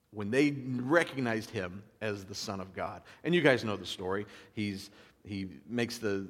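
A man's voice: fairly low pitch, husky. Man preaching casually in a reverberant hall. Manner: animated storytelling with asides and little laughs; casual, conversational preaching with fillers. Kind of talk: sermon reading and explaining scripture.

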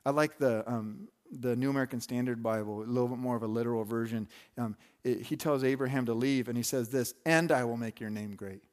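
A man's voice: medium pitch, fairly even intonation, brisk, few pauses, a little mellow. A man preaching a sermon in a loose, conversational way, full of asides and restarts. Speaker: pastor.

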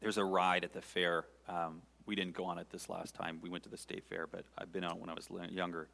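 Low-voiced male pastor, earnest sermon delivery, long reverb of a church hall. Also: flat delivery, vocal fry, pushed and bright. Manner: earnest, pausing, conversational with the congregation.

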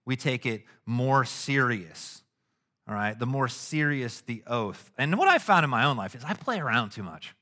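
A middle-aged man preaching a casual, conversational sermon, animated and slangy, acting out little stories as he goes. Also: mid-range voice, normal speed. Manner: animated and casual, with slangy asides and acted-out anecdotes. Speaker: pastor.

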